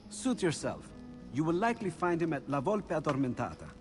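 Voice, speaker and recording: An actor playing an older Renaissance inventor, gentle, musing and absent-minded. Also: male voice, a little high, huge pitch swings, fairly quick, faint music behind. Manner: gentle, musing, enthusiastic about his research.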